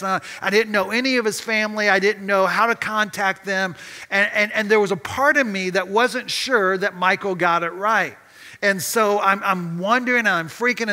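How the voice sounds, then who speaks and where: Man, pastor preaching in a church, animated storytelling, high and bright voice. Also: long reverb tail. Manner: animated storytelling with frequent restarts and repeated words. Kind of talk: sermon. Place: church sanctuary.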